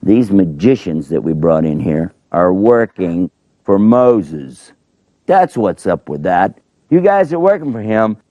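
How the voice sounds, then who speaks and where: A man's voice: low-pitched, very animated, slow pace, dark tone, no room sound, highs cut off, heavily acted. A man doing a scoffing stubborn king. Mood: suspicious. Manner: scornful and suspicious.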